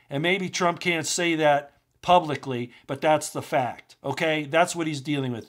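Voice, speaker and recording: A man's voice: unhurried, hardly any pauses. A man hosting his own channel, delivering an impassioned political monologue that builds from subdued to heated, full of rhetorical questions. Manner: starts low and subdued, grows loud and agitated, rhetorical questions. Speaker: commentary channel host.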